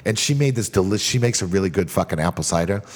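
Fast-talking, husky-voiced man. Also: sits low, lively intonation, long reverb tail. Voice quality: fast, profane, rambling. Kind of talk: casual storytelling.

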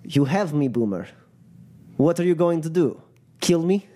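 A man's voice: a little high, moderate pace, voice pushed up, natural voice. A man doing a smug, taunting crime boss. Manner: calm, taunting. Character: ruthless male crime boss, smug and unflinching.

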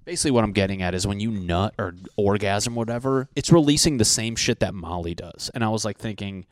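A man's voice: lowish voice, a little fast, no room sound. A man hosting a solo podcast from his apartment, rambling casually with heavy swearing and crude jokes. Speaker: podcast host.

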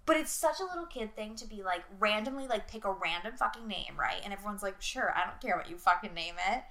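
A woman's voice: medium pitch, lively intonation, quick pace, pushed and bright. A young woman co-hosting a casual podcast about a movie, chatty and swearing freely as she acts out lines from the film. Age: young adult. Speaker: podcast co-host.

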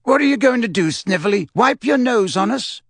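A man's voice: very high voice, expressive, a little fast, fairly bright tone, dry recording, clean studio sound, pitched above the performer's own voice, exaggerated voice. A man voicing a cool, mocking teenage boy in a storybook reading. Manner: mocking, taunting. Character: sneering cool teen boy Sirius.

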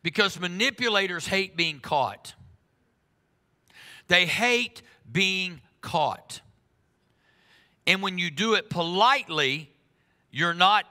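A man preaching a sermon in an earnest way, slowing down for emphasis and speeding up for asides. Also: a little high, bright, forceful tone. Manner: earnest, shifts between slow emphatic lines and quick asides. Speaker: pastor. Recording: long reverb of a large hall.

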